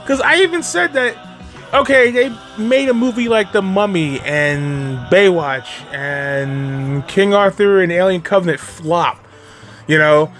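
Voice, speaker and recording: A man with a high voice rants in a loose, unscripted way, swearing freely and breaking into laughs. He trips over his words and starts sentences again. Faint music plays underneath. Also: unhurried, a bit bright. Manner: exasperated, profane, laughs often, repeats and restarts. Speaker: movie commentary vlogger. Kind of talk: casual ranting commentary.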